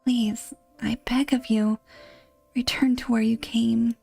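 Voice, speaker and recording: A woman's voice: on the high side, level tone, takes it slowly, creaky, darkish tone, husky, no echo, soft background music, voice pushed up, heavily acted. A woman voicing a grieving wife who begs her husband through tears, in whispered role-play. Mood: begging. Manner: tearful, begging. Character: grieving sobbing wife, begging.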